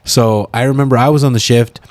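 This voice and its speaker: A man talking in a rapid, profane, casual way, often saying bro and dude. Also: mid-range voice, fairly even intonation, a little mellow, no echo. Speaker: podcast co-host or guest. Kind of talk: casual chat.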